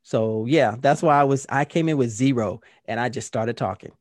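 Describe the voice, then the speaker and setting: A man's voice: mid-range voice, normal speed, dry recording, studio quality. A man in his fifties co-hosting a podcast in casual chat, telling stories and acting out other people's lines. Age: 50s. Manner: animated storyteller acting out quotes. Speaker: podcast co-host.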